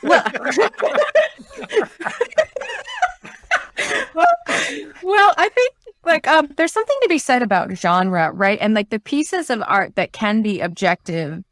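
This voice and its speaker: Brash, animated woman joking on a podcast. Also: mid-range voice, normal speed, no echo. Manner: brash, joking, swears freely. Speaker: podcast co-host. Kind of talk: casual chat.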